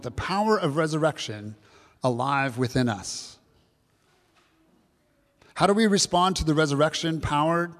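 This Easter sermon comes from a mid-range male voice in a large, echoing space. The pastor preaches earnestly and repetitively, speaking both to the kids and to the congregation.

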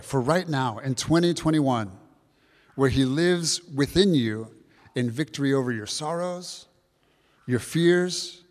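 In a big-sounding room, a medium-pitched male pastor delivers a heartfelt Easter sermon. He returns again and again to key phrases and addresses the children as well as the whole congregation.

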